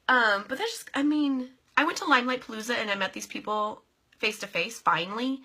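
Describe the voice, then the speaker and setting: A woman's voice: mid-range voice, expressive, a little fast, pushed and bright, slightly rough. Bubbly, goofy young woman vlogger. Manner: bubbly and goofy, talks to viewers by name. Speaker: vlogger and direct sales team leader. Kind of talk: casual live video chat.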